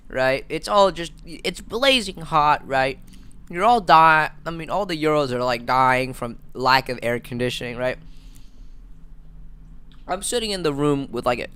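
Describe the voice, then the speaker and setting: Rambling young streamer with a smooth voice. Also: male voice, fairly high pitch, fairly bright tone. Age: 20s. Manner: rambling, stammering, joking. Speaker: livestream host. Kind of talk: casual live-stream chat.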